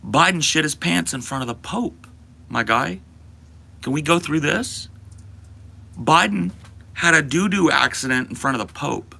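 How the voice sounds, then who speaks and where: A man's voice: a little high, animated, a little slow, gravelly, pauses often, bright, forceful tone, husky. A man and podcast host in a profane, exaggerated comedic rant that swings into mock panic.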